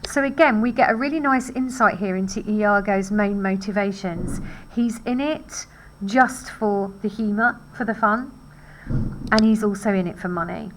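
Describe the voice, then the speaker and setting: A woman teacher walks through a scene of a play, speaking in an explanatory, conversational way at an ordinary middle pitch. She sounds thoughtful, with a faint hum of room noise behind her. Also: normal speed, rough recording. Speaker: English literature teacher. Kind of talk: literature lesson.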